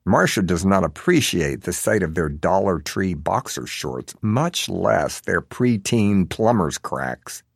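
A man's voice: low voice, very animated, takes it slowly, gravelly, few pauses, breathy edge, no room sound, studio quality. A man reading a novel aloud as narrator, in a wry, sardonic manner. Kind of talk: audiobook narration.

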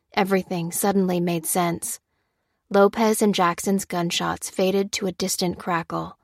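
A woman narrating an action audiobook in a steady, measured storytelling manner on a close studio mic. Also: fairly low pitch, dry recording. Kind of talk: scripted narration.

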